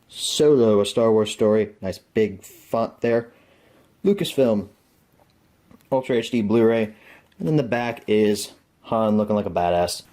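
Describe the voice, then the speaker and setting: A man's voice: mid-range voice, dark tone. A young man hosting a home media review vlog, chatting casually about disc packaging and joking at his own expense. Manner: chatty, self-deprecating, thinks aloud.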